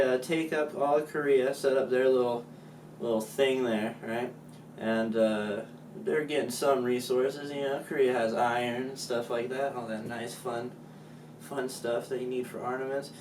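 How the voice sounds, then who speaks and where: A man explains history in a slow, casual, joking way, with lots of fillers. His voice echoes in a room and sounds a little distant from the mic, with faint room ambience behind. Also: mid-range voice, little pitch movement, darkish tone, a little hiss or hum. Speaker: student presenter.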